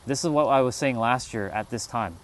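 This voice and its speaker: Casting: a man streaming outdoors, casual and profane spiritual storyteller, mid-pitched voice. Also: fairly quick, slight background noise. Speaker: livestream host. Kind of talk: spiritual talk to a live chat. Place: outdoors, sitting on a rock.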